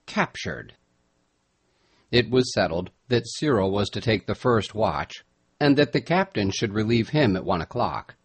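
A man narrating a storybook chapter in a measured storytelling voice. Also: on the low side, lively intonation, husky. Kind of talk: audiobook narration.

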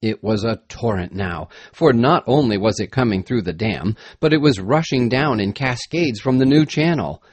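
A man reads an old adventure tale aloud with dramatic expression. His pitch rises and falls in wide, lively sweeps. The recording is dry and close to the mic, with no room sound. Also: moderate pace, few pauses, slightly rough, dry recording. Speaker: narrator. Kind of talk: storybook narration.

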